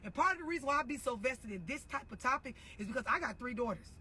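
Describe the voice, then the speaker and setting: A woman's voice: high voice, expressive, quick pace, bright, forceful tone, slight background noise. A middle-aged woman delivering a blunt, profane, mocking rant as an online commentator. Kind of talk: profane ranting monologue.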